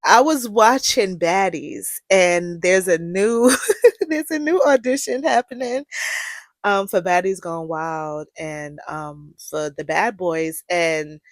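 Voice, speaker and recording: Animated young woman podcaster, dry close sound. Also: fairly low pitch, slow pace, dry recording. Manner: animated, swings from quiet musing to loud rants; frequent swearing and slang. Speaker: podcast host. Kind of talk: casual monologue.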